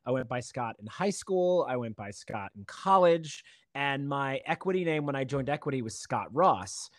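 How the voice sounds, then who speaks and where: A man's voice: mid-range voice, normal speed, no echo, clean studio sound. A man from Virginia Beach, a stage actor guest, telling stories in casual podcast chat and acting out the people he quotes. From Virginia Beach, USA. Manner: animated storyteller, acts out quotes.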